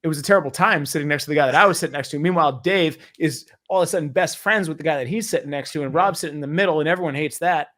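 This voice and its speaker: A man hosting a movie review podcast, telling stories in a lively, profane, casual way and mimicking people. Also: a little high, rapid-fire, hardly any pauses. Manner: animated, profane storytelling with mimicry. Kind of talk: casual chat.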